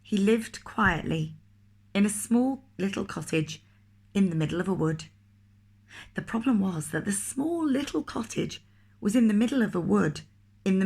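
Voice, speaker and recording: A woman reading a picture book aloud to children, expressive and asking the listener questions. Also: mid-range voice. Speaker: teacher reading a story to children.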